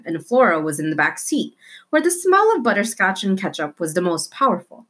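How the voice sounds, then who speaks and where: Lively woman reading a storybook aloud. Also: fairly high pitch. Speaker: reader. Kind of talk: reading a children's novel aloud.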